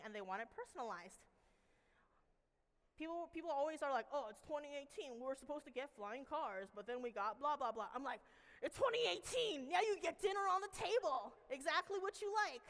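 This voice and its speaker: Woman in her thirties, conference speaker, keen and playful with slang; bright, clear tone, a touch high, in a hall with long reverb. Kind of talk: casual keynote talk.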